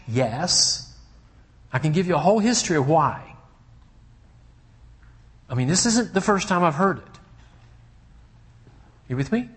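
Delivering his sermon as a personal story, a pastor with a fairly high-pitched voice talks to his listeners conversationally and checks in with them. He shifts between hushed moments and emphatic ones.

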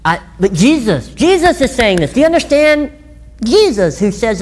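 A woman's voice: fairly high pitch, moderate pace. A woman preacher giving a conversational sermon and often asking her listeners questions. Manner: animated, chatty, asks listeners questions.

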